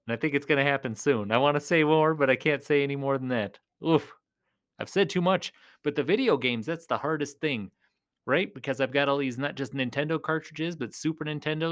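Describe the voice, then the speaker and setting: A video creator chats casually with his viewers while playing a rock video game, joking, poking fun at himself, and drifting from topic to topic. His voice is medium-pitched with a fairly bright tone.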